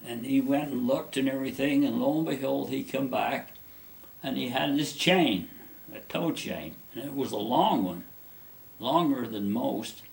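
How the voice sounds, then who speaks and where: A man's voice: medium pitch, animated, unhurried, vocal fry. A man being interviewed, telling a personal story in a rambling, folksy way with many restarts.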